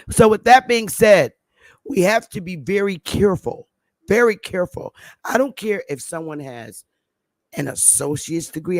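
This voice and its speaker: A woman's voice: on the low side, dry recording. Middle-aged woman hosting a livestream, emphatic and repetitive, close and dry sound. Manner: emphatic, repeats points for stress. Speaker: livestream host. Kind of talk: livestream talk to viewers.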